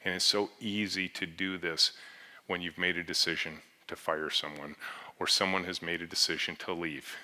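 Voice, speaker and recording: A man's voice: low-pitched, steady tone, normal speed, bright, forceful tone. A man, a company CEO, giving a conference talk on stage, telling stories and voicing the people in them. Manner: earnest storyteller, voices the people in his anecdotes. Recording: long hall reverb.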